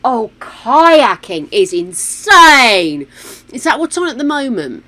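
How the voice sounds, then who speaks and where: Chatty woman, high voice. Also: very animated, slow, bright, forceful tone. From United Kingdom. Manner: chatty, exclaiming, playful asides. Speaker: streamer. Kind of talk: casual gameplay chat. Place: home room with a fan running.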